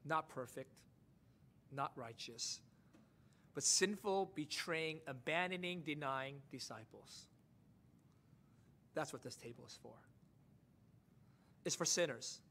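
A male pastor preaching a sermon, moving from quiet, intimate asides to rising, emphatic declarations. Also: on the high side, expressive, slow, long pauses.

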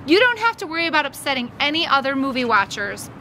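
Lady doing an upbeat mom in a storybook, gently firm, lively pitch. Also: fast, a little hiss or hum, full character voice. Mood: reassuring. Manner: breezy, reassuring, gently firm. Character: upbeat easygoing mother, middle-aged woman. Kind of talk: audiobook reading.

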